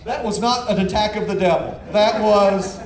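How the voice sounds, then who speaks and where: Pastor, male, high-pitched and lively, folksy storyteller who stumbles and repeats words; echoey church hall with faint room noise. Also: normal speed, crowd noise. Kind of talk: sermon.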